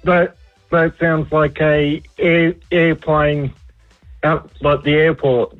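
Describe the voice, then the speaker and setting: Halting man on a tinny phone line. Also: on the high side, level tone, faint music behind. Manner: slow, halting. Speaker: quiz caller.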